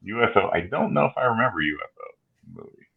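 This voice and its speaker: A man's voice: fairly low pitch, sing-song, fast, vocal fry, husky. A man co-hosting a casual chat, musing aloud and hedging his points. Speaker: podcast co-host. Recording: dull lo-fi sound.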